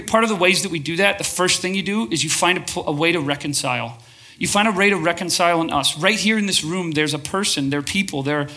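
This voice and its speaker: A man preaching to a congregation in a bright, ringing voice that sits fairly high. He speaks with passion, often calls for a show of hands, and keeps restarting his phrases as he builds his point. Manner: passionate, asks the crowd for shows of hands. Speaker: pastor. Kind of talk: sermon to a live congregation.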